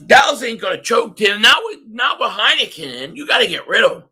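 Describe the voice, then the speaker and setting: A man hosting a live sports reaction stream, ranting excitably and often shouting at the game. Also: high-pitched, a little fast, slightly rough. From Philadelphia area.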